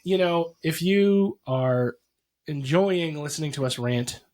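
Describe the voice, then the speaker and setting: A man co-hosting a marketing podcast, chatting casually with quick asides and frequent restarts. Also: a little high, expressive, a little mellow. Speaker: podcast co-host.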